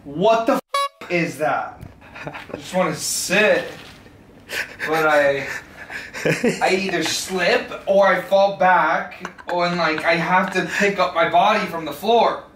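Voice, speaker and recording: A man's voice: sits high, slow pace. A man in a casual travel vlog telling a funny story and acting out the people in it. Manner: animated storyteller acting out voices. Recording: noisy background.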